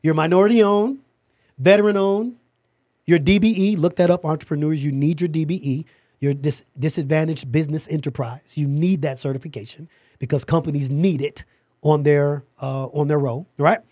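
A middle-aged man, a podcast guest, telling an animated story about starting his company and acting out the dialogue. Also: a little high, moderate pace, no room sound, clean studio sound.

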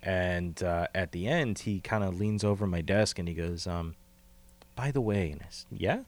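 A man's voice: sits low, normal speed. A man co-hosting a podcast in casual, rambling chat, swearing and laughing easily. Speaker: podcast co-host. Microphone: call recording.

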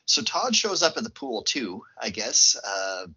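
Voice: medium pitch, sing-song, unhurried, bright, forceful tone, breathy edge, dull audio. A podcast co-host casually recapping a film plot, laughing often.

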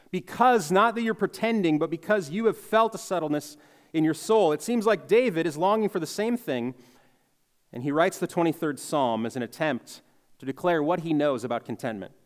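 Earnest high-voiced man preaching in a hall. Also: animated, normal speed. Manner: earnest, emphatic on key words, reflective. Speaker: pastor. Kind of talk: sermon.

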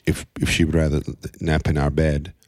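A man's voice: rumbling low, flat delivery, moderate pace, darkish tone, no room sound. A man co-hosting a parenting podcast in casual chat, joking and telling stories. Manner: joking, storytelling with quoted voices. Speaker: podcast co-host.

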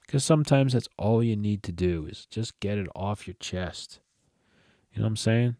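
A man talks through a casual solo podcast in a low, mellow voice that sounds a little tired. He speaks bluntly and swears freely in a loose, conversational way. The sound is dry and close. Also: moderate pace, no room sound. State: tired, yawning. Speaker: podcast host.

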